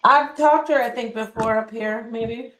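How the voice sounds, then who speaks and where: A woman's voice: on the high side, normal speed, a bit bright, reverberant, poor audio. A woman joining a livestream, speaking hesitantly and sounding confused. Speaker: guest. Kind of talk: casual chat.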